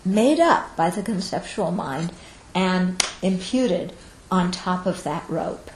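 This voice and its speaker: Slow, patient woman teaching in a roomy hall. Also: on the low side, animated, background noise. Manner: patient, explanatory, keeps checking "okay?". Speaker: Buddhist teacher. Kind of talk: dharma talk to students. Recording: roomy echo.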